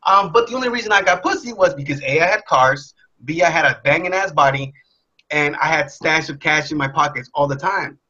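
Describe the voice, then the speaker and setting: A young man telling a candid personal story in a blunt, profane, animated way. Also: fairly high pitch, brisk. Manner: profane, blunt, animated, acts out his past self. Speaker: motivational speaker. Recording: dull lo-fi sound.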